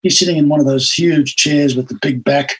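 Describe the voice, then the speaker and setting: An older man with an Australian accent tells his stories in an animated, anecdotal way and acts out the quotes. His voice sits a little high and sounds husky. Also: fairly quick, low-quality recording. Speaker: interview guest. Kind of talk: storytelling in an interview.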